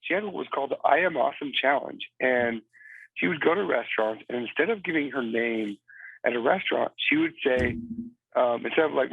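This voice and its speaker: Gravelly man on a tinny phone line. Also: mid-range voice, expressive, fairly quick, dry recording. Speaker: guest, Marine veteran. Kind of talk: phone-in interview. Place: cabin in Virginia.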